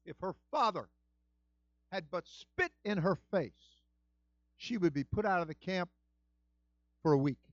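A preacher voicing God, a stern deity rebuking his followers in slow, solemn phrases. The voice sits lower than his preaching tone and rings dry and a little dull. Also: animated, no room sound.

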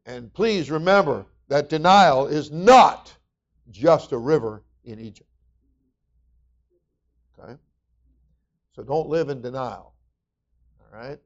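A man preaching a sermon as pastor, rising to shouted exhortations and then dropping to quiet, folksy asides, with frequent repeats and restarts. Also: medium pitch, lo-fi sound.

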